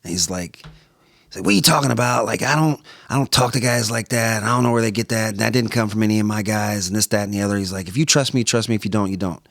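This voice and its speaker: A former football player, guesting on a podcast, tells animated stories in a relaxed conversation, voicing both ends of his phone calls while repeatedly saying "like" and restarting sentences. His voice is lowish, fast, and gravelly, captured in a dry, clean studio recording.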